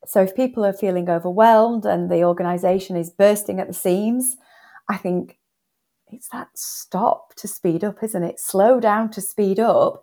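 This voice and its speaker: A woman's voice: mid-range voice, a little mellow. A woman, an author and coaching guest on a podcast interview, answering earnestly and emphatically, repeating words for stress.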